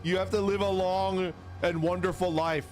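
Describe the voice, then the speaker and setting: A man's voice: high voice, normal speed, faint music behind. A man streaming live, chatting casually with viewers and reading their messages aloud, swearing freely. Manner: lively, swearing, reads chat aloud.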